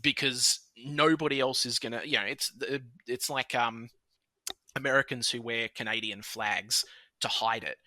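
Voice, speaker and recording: An Australian man in his thirties chatting casually on a podcast, animated and quick to laugh. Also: mid-range voice, no room sound. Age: 30s. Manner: animated, laughs often, puts on voices for quoted people. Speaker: podcast host. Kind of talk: casual chat.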